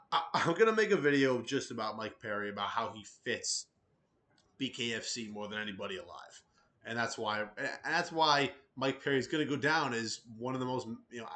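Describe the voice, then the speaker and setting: A man's voice: medium pitch, pushed and bright. A man hosting a casual combat sports news roundup in a rambling, loose way, with many fillers and restarts.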